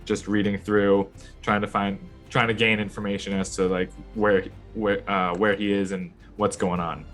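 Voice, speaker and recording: Bright-voiced young man playing a tabletop game. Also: fairly low pitch, little pitch movement, soft background music. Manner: casual, halting. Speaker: player. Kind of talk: casual tabletop play.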